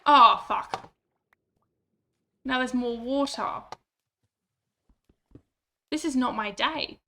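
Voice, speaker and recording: A woman's voice: high voice, slow, slight background noise. A woman streaming a game, chatting casually and mocking herself, swearing when annoyed. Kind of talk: casual gameplay chat.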